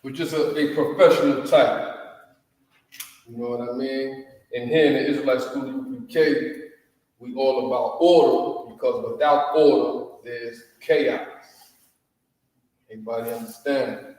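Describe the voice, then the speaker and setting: A man teaching a class in a slow, informal way, asking his students for questions, recorded from far off in a large echoey room. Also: mid-range voice, steady tone, a little mellow.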